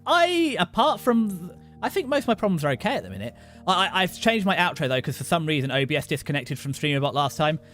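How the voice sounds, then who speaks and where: A young British man hosting a livestream, rambling and joking excitably with many restarts. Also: a little high, fast talker, soft background music. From Britain. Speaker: VTuber streamer host. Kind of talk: casual livestream chat.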